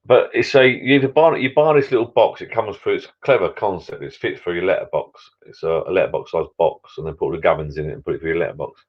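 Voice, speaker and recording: Bloke, very low voice, rambling live-stream host, dull lo-fi sound. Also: male voice. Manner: rambling, chatty, self-interrupting, grumbling. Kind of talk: casual chat with viewers. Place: backyard pub shed.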